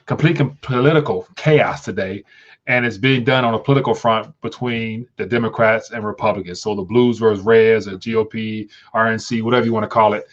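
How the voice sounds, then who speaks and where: A man's voice: fairly low pitch, fairly even intonation, brisk, dull audio. A man hosting a casual livestream, talking in a rambling way with frequent restarts and stumbles. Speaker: livestream host.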